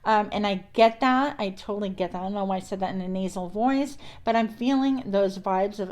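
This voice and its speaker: A woman talks through a tarot reading in a loose, chatty way. She wanders between the cards and spiritual encouragement, often checking in with an "okay?" Her voice sits at an ordinary middle pitch. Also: fairly quick, few pauses, darkish tone. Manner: chatty, meandering, spiritual affirmations. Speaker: tarot card reader. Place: indoors at a counter.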